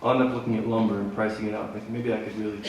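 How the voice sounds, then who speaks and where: A man from Manitoba telling a story between songs at a live concert, with laid-back, deadpan humor. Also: on the low side, racing, slight background noise. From Manitoba, Canada. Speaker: singer-songwriter. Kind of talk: stage banter storytelling at a concert. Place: theater stage, live. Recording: echoey theater from far off with faint guitar.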